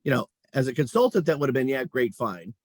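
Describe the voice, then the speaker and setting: A man's voice: medium pitch, fast, no room sound. A middle-aged man, a company chief executive, telling stories about his career in a casual interview and chuckling as he talks. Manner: animated storyteller, chuckles while talking.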